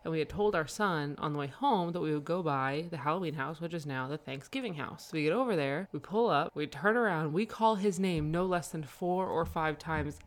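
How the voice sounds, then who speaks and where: A woman's voice: deep voice, a little fast, hardly any pauses. A woman chatting casually as a parent, telling a family car story and laughing often. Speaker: podcast co-host, parent.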